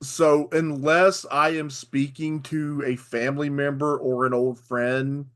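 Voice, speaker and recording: A man from Arkansas with a softened South Arkansas accent, co-hosting a casual podcast chat and explaining things carefully with small restarts. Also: on the high side, little pitch movement, slow. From Arkansas, USA. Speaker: podcast co-host.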